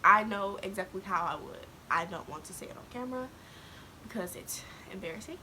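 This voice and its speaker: Bright-voiced teen girl telling a story. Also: mid-range voice, lively intonation, a little fast. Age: teens. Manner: candid, laughs to cope, quotes others, African American slang. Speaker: vlogger. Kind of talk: casual storytelling to camera.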